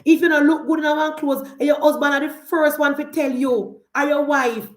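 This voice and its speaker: A fiery Jamaican woman gives a heated political rant, sliding between thick patois and standard English. Her voice sits fairly high. The room is echoey. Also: fairly even intonation, normal speed. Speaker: political commentator.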